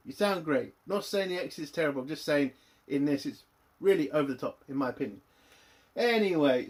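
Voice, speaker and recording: A man giving a casual spoken TV review, blunt and heavy on swearing, rambling through a plot recap. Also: mid-range voice. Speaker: TV show reviewer.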